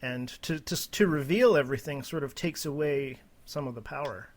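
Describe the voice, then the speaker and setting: A man's voice: fairly high pitch, normal speed, slight background noise. A man co-hosting a podcast in casual, enthusiastic chat, with frequent restarts. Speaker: podcast co-host.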